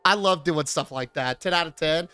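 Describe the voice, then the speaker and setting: A young man chatting casually on his stream, excitable and giggly with laid-back slang. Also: fairly high pitch, normal speed, clear, resonant tone, no room sound, faint music behind.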